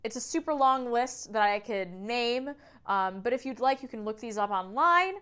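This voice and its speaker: A woman's voice: fairly high pitch, lively intonation, normal speed, fairly bright tone, clean tone. A woman singing teacher explaining phonetics in a video lesson, demonstrating sounds aloud in an upbeat way.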